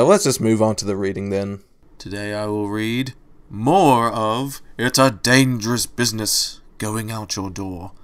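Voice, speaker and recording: A man's voice: on the low side, fairly bright tone, smooth. A man reading fan fiction aloud, chatting in a rambling, self-deprecating way before narrating. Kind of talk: casual chat, then storybook narration.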